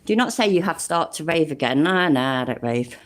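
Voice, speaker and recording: A woman's voice: low voice, lively intonation, brisk. A middle-aged woman with a British accent hosting a casual livestream, sarcastic and sweary, laughing as she mocks a legal document she reads aloud. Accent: English (British). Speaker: livestream host reading a legal document to chat.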